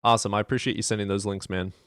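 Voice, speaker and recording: A man's voice: on the low side, fairly even intonation, racing, fairly bright tone, no room sound, studio quality. A man hosting a live stream from his desk at home, chatting casually and telling rambling, profane stories.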